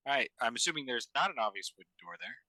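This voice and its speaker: Tabletop player, a man, bright and lively, bold and matter-of-fact. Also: mid-range voice, very fast, no room sound, poor audio. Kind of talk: casual tabletop play.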